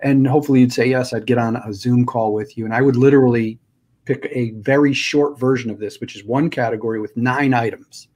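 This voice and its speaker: Relaxed male host talking it through. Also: mid-range voice, a little fast. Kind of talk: casual conversation.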